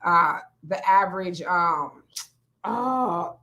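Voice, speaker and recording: A woman's voice: on the low side, lively intonation, extremely slow. A woman from California with a Californian accent, hosting a casual livestream chat, reading viewer comments aloud and answering them. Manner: self-described loud talker. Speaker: host.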